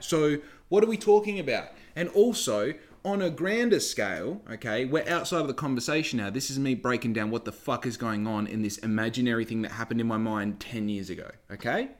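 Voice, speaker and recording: A young Australian man telling a rambling story in casual talk, swearing often and firing off rhetorical questions. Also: mid-range voice.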